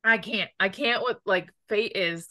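Gushing woman co-host, bright dry voice. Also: mid-range voice, a little slow, dry recording. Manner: gushing, rambling, lots of 'like'. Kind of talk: casual fan chat.

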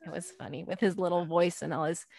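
A woman co-hosting a podcast who tells funny stories in an animated, laughing way. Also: fairly low pitch, fast, creaky, breathy edge. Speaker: podcast co-host. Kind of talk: casual chat.

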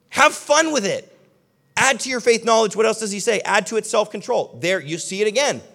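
A young adult man preaches as a pastor in a high-pitched voice, talking animatedly and conversationally before dropping into soft, earnest tones.

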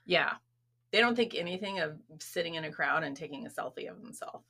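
A woman co-hosting a podcast in casual chat, animated, acting out her own thoughts in quotes. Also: low-pitched, fairly quick. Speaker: podcast co-host.

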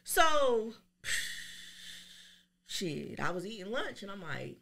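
A woman with a bright, forceful voice tells a story on a podcast, blunt and profane. She slips into the voices of the people she quotes. Her tone stays sharp and pointed. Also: mid-range voice, very animated, extremely slow, gravelly. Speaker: podcast guest; business owner. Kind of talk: casual podcast chat.

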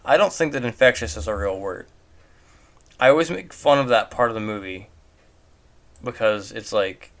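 In a home recording, a man with a lowish, animated, somewhat bright voice reviews a movie at a moderate pace with long pauses. His casual take mocks the film through incredulous rhetorical questions.

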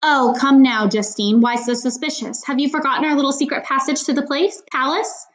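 A woman's voice: sits high, fairly even intonation, a little fast, voice pushed up, lightly acted. A woman reading a storybook aloud, voicing a suave, sarcastic older man who mocks his rival with exaggerated politeness. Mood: mocking. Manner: silky and sarcastic, polite on the surface. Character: suave, mocking older man, a wily leader.

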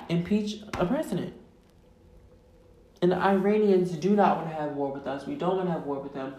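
A woman rants as a podcast host, loud and emphatic, swearing freely and stretching her words for stress. Her voice sits low and has a dark, mellow tone. The sound is roomy, with echo around her. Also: muffled recording, a little hiss or hum. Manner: loud, emphatic, heavy profanity, drawn-out stresses. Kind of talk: profane casual rant. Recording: echoey room.

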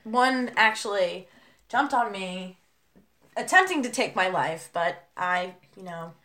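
A woman's voice: mid-range voice, expressive, slow, bright, forceful tone. A young woman in casual chat, bubbly and dramatic, often acting out what others said. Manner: bubbly, dramatic, acts out quotes. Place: basement.

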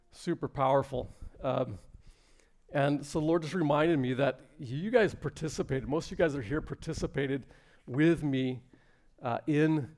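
A man's voice: medium pitch, darkish tone. A man preaching a fervent, earnest sermon to a congregation in a room. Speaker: pastor.

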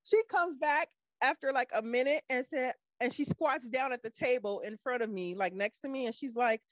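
A woman's voice: high-pitched, normal speed, few pauses, dry recording, muffled recording. A woman co-hosting a podcast, telling a restaurant story in casual chat and acting out the people in it. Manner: animated storyteller, acts out quoted people. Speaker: podcast co-host.

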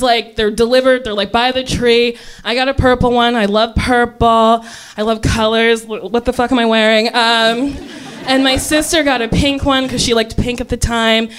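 A woman's voice: on the high side, clear, resonant tone. A young adult woman telling a funny story on a podcast, chatty and giggly, full of "like", acting out the people in it.

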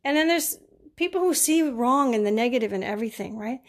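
Middle-aged woman, caregiver, casual advice talk, chatty, laughs often, voice sits a bit high. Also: expressive, fairly quick. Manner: chatty, laughs often, acts out quoted people.

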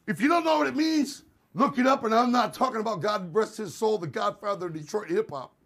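A man's voice: high-pitched, fairly quick, a bit bright. A man playing a lawyer in a mock courtroom comedy, ranting with exaggerated, profane indignation.

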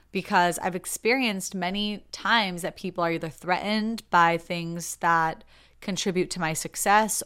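Young female podcast host, lowish voice, earnest reading and reflection. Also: sharp tone, smooth. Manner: earnest, reflective, acts out quoted replies.

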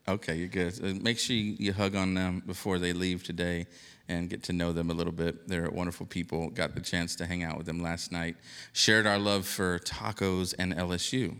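A male pastor introducing a guest to his congregation, excitable and joking, breaking into loud shouts and call-outs. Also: low-pitched, normal speed, clear, resonant tone. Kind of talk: lively church welcome and introduction. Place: church sanctuary. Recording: live church hall reverb.

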